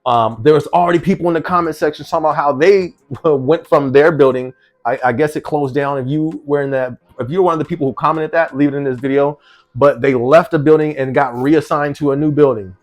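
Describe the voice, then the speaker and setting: A man's voice: on the high side, fairly quick. A man from New Jersey talking casually to camera, reading out a news article and reacting to it with rhetorical questions and frequent laughs. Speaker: vlogger.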